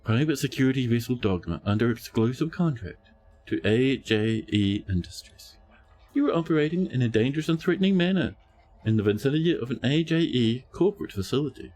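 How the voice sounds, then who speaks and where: A man's voice: medium pitch, lively intonation, a little fast, a little mellow, natural voice. A man voicing a stern male private security officer who issues formal, commanding warnings in a video game.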